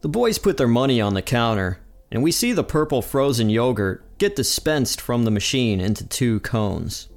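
An energetic man hosts his podcast and walks through a cartoon episode scene by scene. His voice sits in an ordinary middle pitch. A faint music bed runs quietly behind him. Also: normal speed, few pauses. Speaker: podcast host. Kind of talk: episode recap narration.

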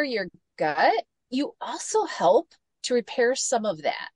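A woman's voice: on the high side, takes it slowly, no echo. Forties woman from michigan, guest on a talk show, acts out what people said, dry sound. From Michigan, United States. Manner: animated storytelling, acts out quoted voices. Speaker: guest, gut health coach. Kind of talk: casual interview chat.

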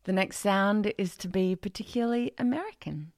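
A woman's voice: medium pitch, animated, normal speed, a little mellow, dry recording, studio quality. A woman giving a vocal lesson at home, chatty and playful, singing scale steps and demonstrating twangy voices. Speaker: singing teacher. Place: home studio with birds and geckos outside.

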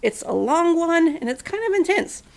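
Gravelly-voiced woman telling stories. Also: extremely high pitch, very animated, normal speed. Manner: earnest, gentle, conversational asides. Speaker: podcast host and storyteller. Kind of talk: storytelling narration for children.

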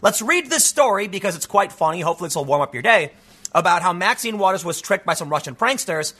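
A man in his thirties hosting a casual commentary show, reading news aloud with animated asides and rapid restarts. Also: high-pitched, slightly rough. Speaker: political commentary host.

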